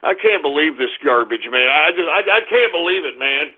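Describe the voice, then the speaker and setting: A man hosting a radio show, ranting in exasperation at his chat room, swinging between groans and shouts. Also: on the high side, animated, brisk, breathy edge. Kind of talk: exasperated live call-in banter. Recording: tinny phone-line sound.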